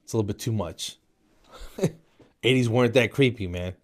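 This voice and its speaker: A man's voice: fairly low pitch, normal speed. A man in his forties, from New Jersey, hosting a podcast in a jokey comedic monologue that he peppers with "man" and "dude". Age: 40s. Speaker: podcast host.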